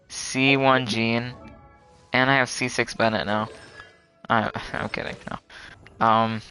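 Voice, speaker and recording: A young man streaming a game live, chatting casually and groaning loudly when his luck turns bad. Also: mid-range voice, steady tone, slow, pauses often, clean tone, soft background music, poor audio.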